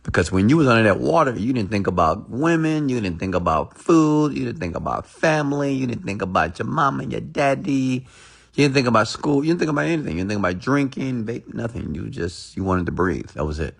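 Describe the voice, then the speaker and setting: A man voicing a calm, commanding male mentor in a story. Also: medium pitch, brisk, gravelly, husky, voice pushed up.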